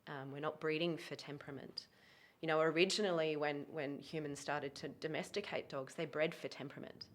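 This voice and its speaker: A woman with a notably low, deep-set voice chats in a relaxed podcast conversation about dogs. She speaks emphatically, circling back with quick restarts and self-corrections. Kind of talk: casual podcast chat.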